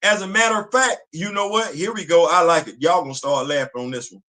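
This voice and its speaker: Fired-up man with a high bright voice. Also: quick pace. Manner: emphatic, repetitive, street slang and rhetorical questions. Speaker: host. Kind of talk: impassioned commentary. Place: home studio on a live stream.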